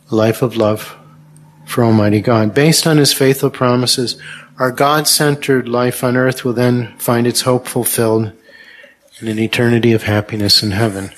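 Male preacher, unhurried sermon delivery, gentle and earnest, middle pitch.

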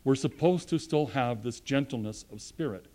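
A man preaching a sermon with earnest emphasis, rising to loud points and dropping to quiet, low asides. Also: normal speed.

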